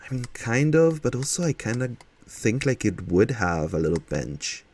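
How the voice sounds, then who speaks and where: A man's voice: mid-range voice, big pitch swings, normal speed, darkish tone, husky. A man streaming casually, chatting and thinking aloud as he builds in a game, with a manner.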